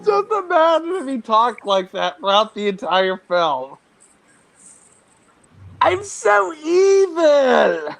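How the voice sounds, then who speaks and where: A man putting on a high, whiny voice as a silly evil banker. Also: wildly swooping pitch, creaky, a bit bright, full character voice. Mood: gleeful. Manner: hammy, drawn-out whine.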